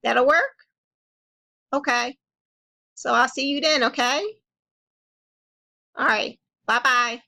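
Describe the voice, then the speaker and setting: Woman playing a patient counselor, soothing and reassuring, creaky voice, a bit high. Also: slow pace, pauses often, bright, forceful tone, exaggerated voice. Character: calm, caring female counselor comforting a child. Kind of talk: role-played counseling session.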